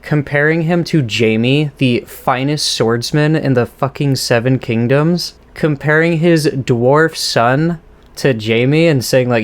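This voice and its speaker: A man's voice: mid-range voice, slow pace. Male host, casual off-the-cuff commentary, frequent laughs, swears freely. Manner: casual, laughs often, swears, lots of fillers. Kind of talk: off-the-cuff episode breakdown.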